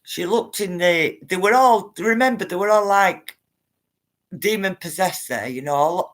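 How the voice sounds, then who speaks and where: A woman hosts a casual livestream, rambling along as she chats with her viewers and reads their comments out loud, calling them "guys" and "love." Her mid-range voice is very animated and moves at a normal speed.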